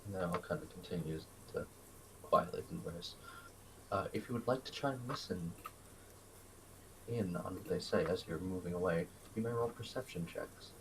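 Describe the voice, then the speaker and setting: A man serves as game master for a live-streamed tabletop game, chuckling in a relaxed way as he walks through the rules. His voice sits low, he speaks at a moderate pace, and there's noise in the background.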